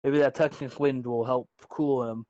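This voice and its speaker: A man's voice: medium pitch, steady tone, moderate pace, mellow, muffled recording. A man co-hosting a casual fantasy football chat, throwing in joking asides. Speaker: co-host on a stream.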